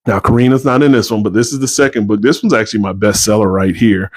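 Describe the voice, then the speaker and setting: A man's voice: fairly low pitch, no echo. A man, a novelist, chatting casually to viewers on a livestream, rambling and tired.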